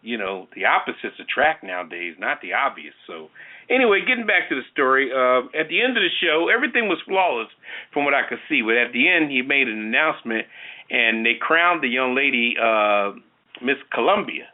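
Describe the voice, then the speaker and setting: Talk show host, male, rambling and animated, phone-quality audio. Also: medium pitch, a little fast. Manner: rambling, full of "you know" and restarts. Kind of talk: casual chat. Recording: tinny phone-like sound.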